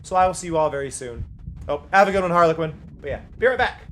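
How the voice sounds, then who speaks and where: Male streamer from the US, fairly high voice, emphatic, repeats points, playful reading of game text. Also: expressive, fast, a bit bright, a little hiss or hum. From United States. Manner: heated ranting, emphatic repetition; playful, reads game text aloud mockingly. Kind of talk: live gameplay stream chat.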